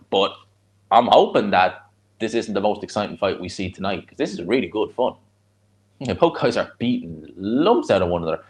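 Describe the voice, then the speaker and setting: Casual Dublin Irish man, lowish voice. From Ireland. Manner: chatty, blunt, answers chat between fight reactions. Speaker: streamer hosting a live watch-along. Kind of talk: casual live fight commentary and chat.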